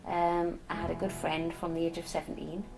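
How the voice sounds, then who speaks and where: In a documentary interview, a middle-aged palliative care nurse from Northeast England tells personal stories about her work, warm, candid and sometimes emotional. Her fairly low voice moves little in pitch and runs fairly quick. The recording is low quality.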